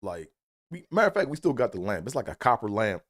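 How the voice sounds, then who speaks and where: A man's voice: lowish voice, fast. Man telling a profane comic story. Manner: profane, animated, acts out quotes in a raised voice. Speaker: comedic storyteller. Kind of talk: casual storytelling monologue.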